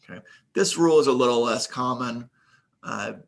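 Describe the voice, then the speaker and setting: A man's voice: mid-range voice, normal speed, gravelly. A man teaching a recorded grammar lesson, reading example sentences aloud and explaining them methodically, with the occasional filler.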